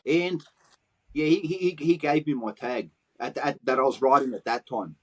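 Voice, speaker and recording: On a low-quality recording, this interview guest, a Western Sydney graffiti artist, spins animated stories full of street slang and swearing, acting out what people said. His mid-range voice has a fairly bright, slightly rough tone at a moderate pace.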